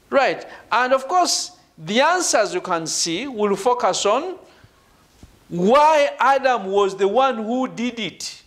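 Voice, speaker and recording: Male professor, middle-aged, university lecture, high voice, unhurried delivery, repetitive and emphatic, checks in with the class. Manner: repetitive and emphatic, punctuating points with "right?" and "ladies and gentlemen". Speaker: professor leading a doctoral seminar.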